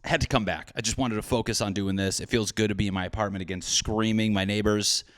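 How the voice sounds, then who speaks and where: A man in his thirties hosting a solo comedy podcast from his hot apartment, animated and swearing with jokey asides. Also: fairly low pitch, quick pace, no room sound, clean studio sound. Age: 30s. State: sweating in a hot room. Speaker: podcast host. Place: small apartment with windows shut.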